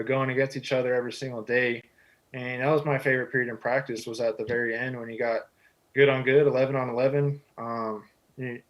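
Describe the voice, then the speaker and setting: This is a young man in his twenties from Texas, chatting as a guest. He sounds modest and relaxed and keeps reaching for "you know" between thoughts. His voice sits at an ordinary middle pitch for a man. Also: low-quality recording. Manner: easygoing, humble, heavy on "you know" fillers. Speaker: guest, football quarterback. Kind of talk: casual interview answers.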